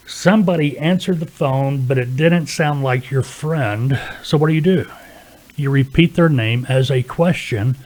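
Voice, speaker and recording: Male trainer, mid-pitched, plain-spoken, walks the listener through cold-calling step by step. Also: a little mellow. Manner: plain-spoken, coaching, peppered with "okay". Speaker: freight broker trainer. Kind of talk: instructional talk to camera.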